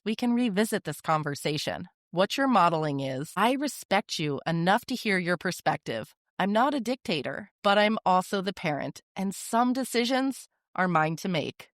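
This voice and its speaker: A woman hosting a parenting podcast, giving advice in a calm, firm, direct manner with short, deliberate sentences. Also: fairly low pitch, no echo, clean studio sound. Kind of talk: scripted advice monologue.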